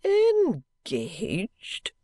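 A reader doing a pompous old dandy, slow and grand. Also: medium pitch, sing-song, no echo. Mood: wounded. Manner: grandiloquent, theatrical, self-pitying. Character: pompous elderly gentleman, vain model of deportment. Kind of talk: audiobook character reading.

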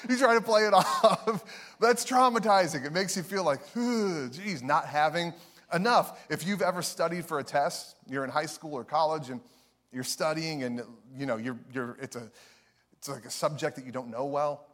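Young male pastor, sermon, animated storytelling, laughs often, slightly high voice. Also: normal speed.

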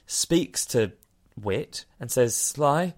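Brief: podcast host, rambling casual recap, swears and laughs. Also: male voice, on the low side, very animated, measured pace. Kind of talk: casual film recap chat.

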